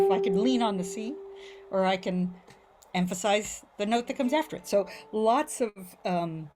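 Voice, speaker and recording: Over loud music and mandolin playing, a woman with a medium-pitched voice speaks at a moderate pace on a video call. Teaching Irish mandolin tunes in an online class, she casually explains phrasing using sung syllables and often checks in with "right?".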